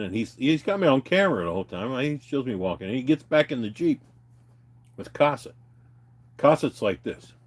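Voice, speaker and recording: Middle-aged guy rambling through a crude story, lots of swearing and laughing, pitch jumps all over. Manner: crude, profane, laughs often, mimics others. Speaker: streamer telling stories.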